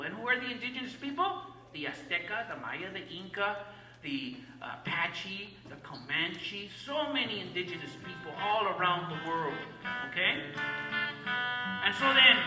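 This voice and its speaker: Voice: mid-range voice, reverberant, recorded from a distance, low-quality recording. A teacher giving an emphatic classroom lecture, repeating key words and having the class call back phrases.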